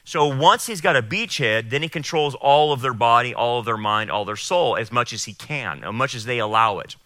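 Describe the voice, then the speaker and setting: A man preaching and teaching the Bible, emphatic, acting out quotes in a raised voice and then explaining calmly. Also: medium pitch, moderate pace, dry recording, clean studio sound. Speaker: pastor.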